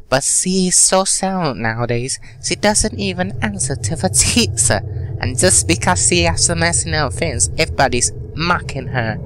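A man reading aloud as a sad young schoolgirl writing her diary, in a soft, halting voice. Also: a little high, a little hiss or hum, voice pushed up, rough recording. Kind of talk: reading a game note aloud.

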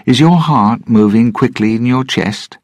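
A man's voice: mid-range voice, measured pace, a little mellow, no echo, clean studio sound, voice pushed up. A man voicing a cocky, carefree male pirate captain, playful and teasing, in a storybook reading.

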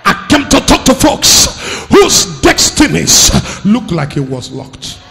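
A man preaching a charismatic sermon, shouting declarations and filling pauses with a repeated "uh", with faint music behind. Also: sits high, wildly swooping pitch, vocal fry.

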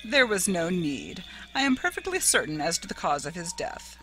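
A woman reading aloud and voicing a calm, smooth-talking middle-aged man with a deep, gentle manner in an audiobook. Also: normal speed, faint music behind, poor audio. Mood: smooth, guarded.

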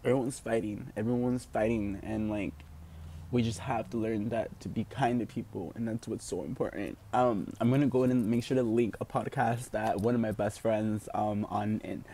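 Young man, vlog rant, teary, lots of fillers, lowish dark voice. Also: fairly even intonation, moderate pace, slight background noise. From United States. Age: 20s. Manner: rambling, heavy with fillers like "like" and "you know". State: tearful, crying at times. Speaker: vlogger. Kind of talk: emotional personal vlog rant.

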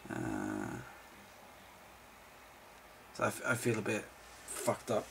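A man's voice: fairly low pitch, very animated, slow, creaky, a bit bright, slight background noise. A tired man who has not slept, rambling and swearing through casual chat as a video host. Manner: swears freely, rambles and jokes. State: tired from lack of sleep. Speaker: video host answering viewer questions.

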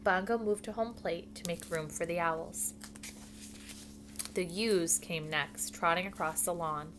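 A woman's voice: lowish voice, unhurried, noisy background. A woman reading a children's book aloud at home, with casual asides. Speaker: reader.

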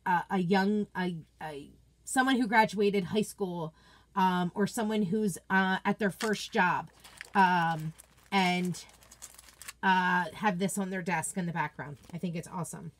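Woman gushing over craft stuff, chatty and excited, talking to her viewers from her home office. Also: medium pitch, takes it slowly. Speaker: craft product seller and video host. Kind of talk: casual unboxing chat, reading viewer comments.

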